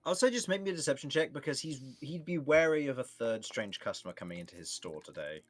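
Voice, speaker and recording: Male game master narrating, relaxed and descriptive, dry sound, faint music. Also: mid-range voice, fast talker, no echo.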